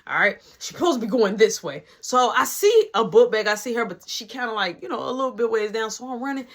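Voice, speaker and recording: A young man telling a casual story, animated and swearing freely as he acts out what everyone said. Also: very high voice, fast talker. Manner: animated, swearing, quoting others.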